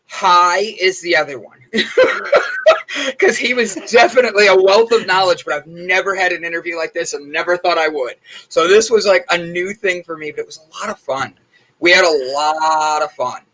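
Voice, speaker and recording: A young man co-hosting a relaxed morning show, with a fairly high, bright voice. He tells stories at length in a loose, chatty way, packed with fillers. His tone stays lively and conversational. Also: normal speed, low-quality recording. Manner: chatty storytelling, lots of fillers. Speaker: co-host. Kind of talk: casual morning show chat.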